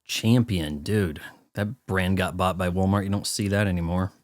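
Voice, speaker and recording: A man's voice: sits low, steady tone, normal speed, dry recording, studio quality. A man giving casual movie watch-along commentary, riffing sarcastically in a rambling way. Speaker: film commentator.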